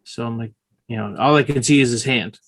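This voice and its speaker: A man's voice: mid-range voice, fairly quick, a bit bright. A man co-hosting a podcast, telling stories in a rambling, casual way with many restarts. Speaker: podcast co-host. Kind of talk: casual chat.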